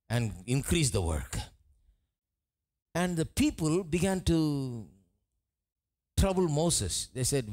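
A man's voice: medium pitch, measured pace, pauses often. A pastor from India preaching a live church sermon, acting out the Bible figures' lines as he tells the story. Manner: animated preaching, acts out dialogue of Bible figures. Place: church service, live recording.

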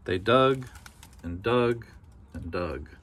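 A man reads a children's picture book aloud, his voice sitting on the low side. He tells the story gently and rhythmically, leaning into its repeated phrases. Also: lively intonation, slow. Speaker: storybook reader.

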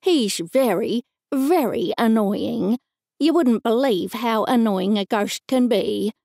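Picture an anxious male ghost in a cozy mystery audiobook, put on by an Australian woman narrator, pleading in an unhurried, urgent way. The tone is low and mellow with a gravelly edge, and the room sounds dry. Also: no room sound, exaggerated voice.

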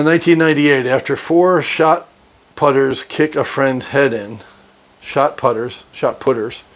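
Give me a brash, fired-up man reading aloud and ranting with lots of swearing. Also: mid-range voice. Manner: brash, profane, fired-up, laughs often. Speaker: reader and commentator. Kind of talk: reading aloud with profane motivational commentary.

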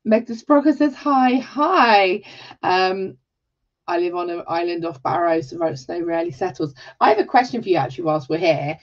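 An English woman from England, hosting a live jewellery tutorial in a warm, chatty way, greeting viewers by name and exclaiming often. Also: on the low side, animated, a little fast. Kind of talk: chatty livestream talk. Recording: slightly dull livestream audio.

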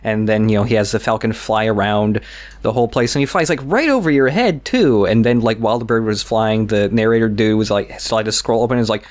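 A man's voice: lowish voice, fast talker. A young man co-hosting a podcast, casually telling a rambling story with laughs and swearing. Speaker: podcast co-host. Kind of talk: casual chat.

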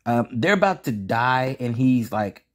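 A man's voice: medium pitch, lively intonation, a little slow. A man reviewing a cartoon episode in a casual pros-and-cons video, blunt, profane and ranting. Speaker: show reviewer.

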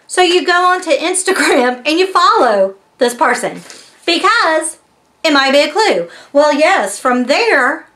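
Chatty high-voiced woman. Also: fairly bright tone. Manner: chatty storytelling with many fillers and "right?". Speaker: vlogger reviewing a mystery box. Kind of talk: casual chat.

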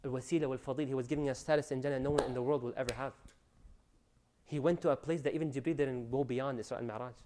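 A man giving an animated religious lecture, preaching with loud rising emphasis and Arabic phrases mixed in. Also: mid-range voice, slight background noise. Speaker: Islamic lecturer.

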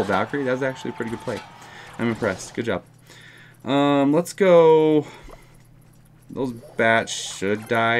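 Excitable young man commentating his game. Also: a little hiss or hum. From United States. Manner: excitable, talks to himself and viewers, jumps high when surprised. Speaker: gaming channel host. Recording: faint music behind the voice.

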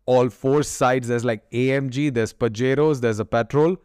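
A young man, a podcast guest, telling his story in an animated way and acting out what others said in a raised voice. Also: mid-range voice, moderate pace, clean tone, dry recording, studio quality.

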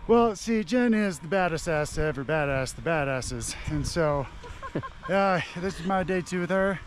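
A man's voice: on the high side, animated, normal speed, slight background noise. Enthusiastic man chatting outdoors. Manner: enthusiastic, playful. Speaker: skier in a lesson. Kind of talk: casual chat. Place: outdoors on a ski mountain.

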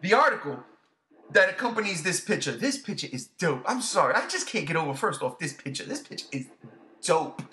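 A man hosting a casual podcast, gushing with excitement, swearing freely and repeating himself. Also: on the high side, a little fast. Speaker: podcast host.

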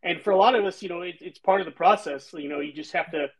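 A man's voice: high-pitched, fast, rough recording. A man writer hosting a book chat, telling rambling self-deprecating stories. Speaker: host, writer. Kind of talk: casual panel chat.

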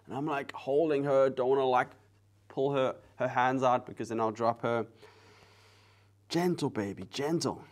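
Soft-spoken man chatting while drawing. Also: mid-range voice, normal speed. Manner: chatty, relaxed, talks to viewers as he works. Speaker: live-stream artist host. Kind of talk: casual chat while drawing live.

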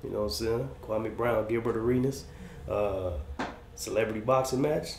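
A man's voice: mid-range voice, a little slow, darkish tone. A man hosting reaction commentary, giving easygoing street-slang advice. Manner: laid-back, slangy, big-brother advice. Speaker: commentary host. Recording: roomy room with faint noise.

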